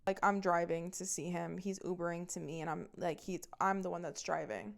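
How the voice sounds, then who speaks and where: A woman's voice: fairly low pitch, steady tone, fairly quick, vocal fry. A young adult woman telling a personal dating story as a podcast host, candid and profane, chatty with lots of filler words. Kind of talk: casual storytelling monologue.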